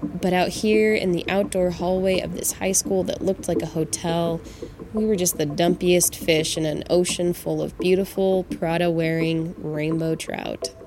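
A Montana woman in her twenties narrates a personal story for her podcast, reflective, candid, and wry. Her fairly low voice is steady, unhurried, and darkish, with a little hiss or hum and clear music playing behind her.

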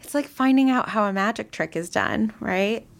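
Chatty woman with a gravelly voice. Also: mid-range voice, normal speed. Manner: chatty, retelling with voiced quotes and frequent likes. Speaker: guest. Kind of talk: casual storytelling.

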